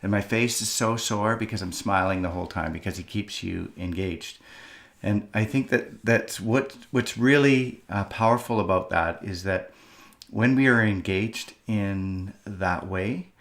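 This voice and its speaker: A man's voice: lowish voice, a little slow, fairly bright tone. A man hosting, commenting reflectively with a thoughtful, hesitant manner and many fillers. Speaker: host.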